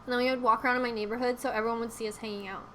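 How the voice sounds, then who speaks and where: A woman's voice: a little high, fairly even intonation, rapid-fire, background noise. A young woman chatting casually on a live stream, rambling with lots of fillers and giggles.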